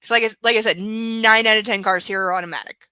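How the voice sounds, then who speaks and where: A woman hosting a live book reading stream, chatting casually with her viewers in a halting way, full of fillers and restarts. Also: medium pitch, steady tone, bright, forceful tone, clear, resonant tone, no echo, low-quality recording. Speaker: livestream host reading a book.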